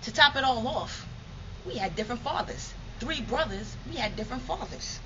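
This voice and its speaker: A woman's voice: a little high, animated, moderate pace, bright, forceful tone, dull audio, slight background noise. A woman from New York performing a dramatic spoken monologue in a rhythmic, emphatic, streetwise way.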